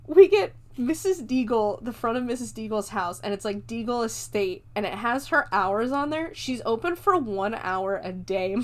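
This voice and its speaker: A woman's voice: on the high side, lively intonation, normal speed, few pauses. A woman hosting a podcast, retelling a film in casual, chatty talk, laughing often and swearing freely. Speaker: podcast host. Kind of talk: casual movie review chat.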